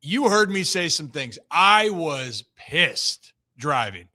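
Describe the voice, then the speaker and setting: A man's voice: a little high, sing-song, slow, sharp tone. A young man hosting a sports talk show, ranting animatedly in a casual chat.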